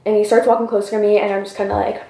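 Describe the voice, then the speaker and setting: Young woman vlogging a storytime, animated, says like a lot, echoey room. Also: mid-range voice, rapid-fire, vocal fry. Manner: animated, breathless retelling full of "like". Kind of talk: storytime vlog.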